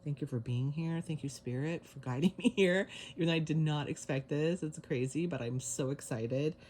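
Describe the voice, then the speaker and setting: Low-voiced woman doing a tarot reading. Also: moderate pace, a little hiss or hum. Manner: emotional, breathy sighs, effusive and excited. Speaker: tarot reader. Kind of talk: casual spoken tarot reading. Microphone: camera mic.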